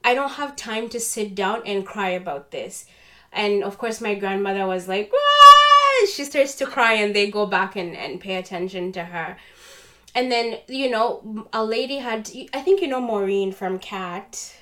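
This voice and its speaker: A woman chatting casually, telling a story with lively acted-out voices of other people. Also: medium pitch, normal speed. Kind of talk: casual chat.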